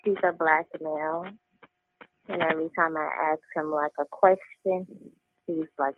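A woman's voice: low-pitched, fairly even intonation, normal speed, background noise. A woman working as a bank teller on an emergency call, shaken and hesitant, with many fillers. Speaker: bank teller calling 911. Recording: dull archival phone recording.

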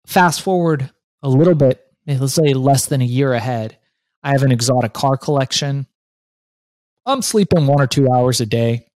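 A man in his fifties, an author and guest, telling his story in an animated, profane way. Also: medium pitch, dry recording. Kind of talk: storytelling interview.

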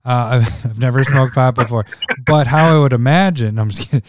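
A man's voice: mid-range voice, brisk, noisy background. Laid-back man chatting, laughing often. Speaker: podcast co-host. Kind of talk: casual chat.

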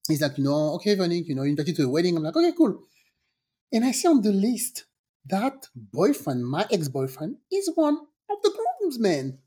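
A woman tells a dramatic personal story on a podcast in a lively, swooping voice. She acts out every person in it with sudden jumps in pitch, and she swears freely in casual chat. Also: brisk, slightly rough. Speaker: podcast co-host telling her story.

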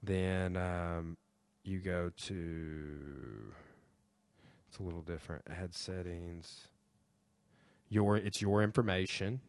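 A man's voice: deep voice, steady tone, slow, no echo. A young man hosting a podcast, talking in a rambling way with lots of fillers and swearing. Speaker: podcast host. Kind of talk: casual chat.

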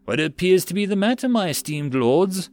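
A man's voice: high-pitched, expressive, normal speed, darkish tone, pitched above the performer's own voice. A man voicing a sweet, scheming noblewoman hostess in an audiobook, mocking and overly polite. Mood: sly. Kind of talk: audiobook character voice.

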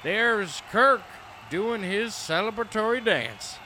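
A man's voice: high-pitched, animated, slow, sharp tone, slight background noise, full character voice. A man playing a male sports play-by-play announcer, giving breathless running commentary and laughing through it. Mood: excited. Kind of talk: comedic mock sports commentary.

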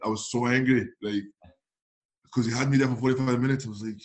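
A man from France with a French accent, a guest telling animated anecdotes in a casual interview, acting out quotes and laughing often. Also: medium pitch, fast talker. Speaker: guest, former footballer.

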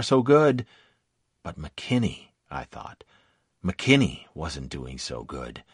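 A man's voice: sits low, breathy edge, dry recording, clean studio sound. A man narrating a first-person war memoir in a vivid, dramatic storytelling manner.

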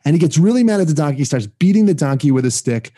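A man's voice: fairly high pitch, expressive, racing, warm tone. A man co-hosting a casual faith talk, chatty and laughing often, retelling a scripture story with restarts. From Jewish community, reads weekly Torah portion. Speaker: podcast co-host. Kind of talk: casual conversation about faith.

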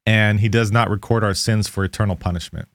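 A man's voice: fairly low pitch, steady tone, a little fast, dry recording, clean studio sound. A man giving an informal devotional Bible lesson, explaining verses conversationally and correcting himself as he goes. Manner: conversational, restarts and self-corrections while explaining. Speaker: Bible teacher.

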